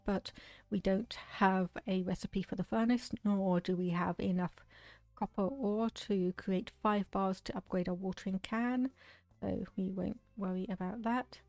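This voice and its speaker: A British woman talks through her farming game at an unhurried, measured pace, explaining each step. Her voice sits mid-range and sounds dry and close. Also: medium pitch, darkish tone, no room sound. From United Kingdom. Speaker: streamer. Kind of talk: casual game commentary.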